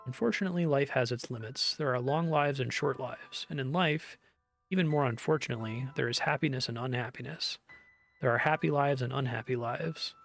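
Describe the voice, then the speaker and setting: A male streamer reading game text aloud in an earnest, measured way. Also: mid-range voice, vocal fry, fairly bright tone, soft background music.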